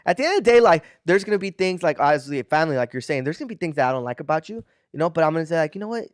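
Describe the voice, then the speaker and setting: A man co-hosting a casual podcast chat, talking in an animated, defensive way and dropping in Spanish words. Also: fairly high pitch, very fast, no room sound, studio quality. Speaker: podcast co-host. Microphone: podcast studio mic.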